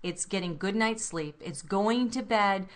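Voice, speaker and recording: A woman's voice: medium pitch, unhurried. A woman co-hosting a self-help talk show, speaking earnestly and reflectively and addressing listeners directly. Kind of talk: motivational talk radio chat.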